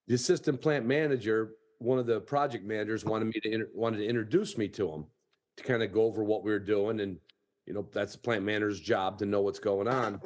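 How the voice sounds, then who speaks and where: A man's voice: mid-range voice, darkish tone. A man hosting a hunting podcast, telling a long folksy anecdote in casual chat over a video call. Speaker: podcast host.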